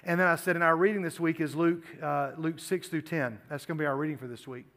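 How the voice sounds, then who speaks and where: A man's voice: on the high side, fairly even intonation, quick pace, a bit bright. A middle-aged man preaching a sermon to teenagers in an earnest, conversational way, often repeating himself. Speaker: youth pastor. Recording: long hall reverb.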